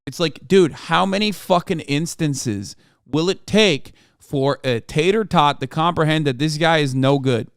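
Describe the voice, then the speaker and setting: A man's voice: on the high side, unhurried, clean tone, no echo, clean studio sound. Foul-mouthed ranting streamer man. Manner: profane, animated and sarcastic. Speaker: streamer host. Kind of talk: live stream reaction commentary.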